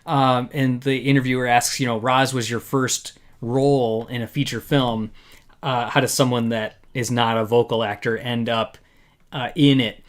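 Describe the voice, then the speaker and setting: A man's voice: medium pitch, flat delivery, moderate pace. A man hosting a casual live discussion, chatty and full of fillers, reading quotes aloud. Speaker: podcast host.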